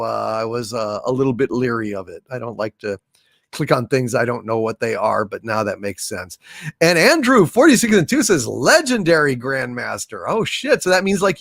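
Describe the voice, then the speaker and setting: A man's voice: medium pitch, gravelly, no room sound, studio quality. A man hosting a comedy livestream, casually reading out super chats and jokes, rambling with lots of fillers. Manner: rambling, with many fillers and chuckling asides.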